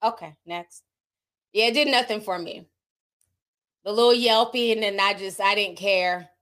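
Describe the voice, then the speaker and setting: A woman's voice: mid-range voice, fairly even intonation, normal speed, fairly bright tone. A woman with a Southern US accent hosts a casual celebrity gossip livestream, reading viewer comments and giving candid opinions. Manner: chatty, candid, laughs often, reacts to viewer comments. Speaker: livestream host reading chat.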